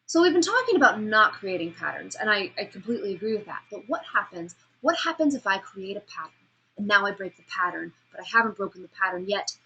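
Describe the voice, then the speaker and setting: A woman teaching a speech class, her voice bright and forward with a husky, breathy edge. She talks in an animated way, questions the students, and acts out each sound and change of pace as she explains it. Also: medium pitch, fast, lo-fi sound. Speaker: speech instructor. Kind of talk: classroom lecture on vocal delivery.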